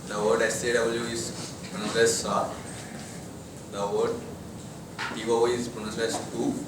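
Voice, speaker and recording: A young man student, giving a hesitant classroom presentation with restarts. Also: mid-range voice. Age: young adult. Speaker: college student. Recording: echoey room, distant mic, loud noise.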